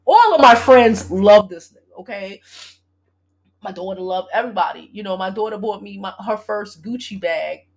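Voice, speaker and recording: Gravelly New woman in her forties. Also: medium pitch, normal speed. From Brooklyn, New York. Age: 40s. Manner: animated, profane, talks straight to her viewers. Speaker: gossip vlogger and love coach. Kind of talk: casual storytelling live stream.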